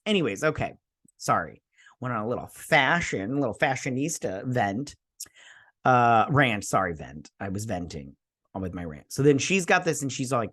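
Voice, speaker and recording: A man's voice: mid-range voice, lively intonation, brisk, pushed and bright. A man in the middle of his range talks through an episode recap in a loose, rambling way. He keeps stopping to correct himself and drops sarcastic asides as he goes. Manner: rambling, sarcastic, frequent fillers and self-corrections. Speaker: show host reviewing an episode. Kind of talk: casual recap and review.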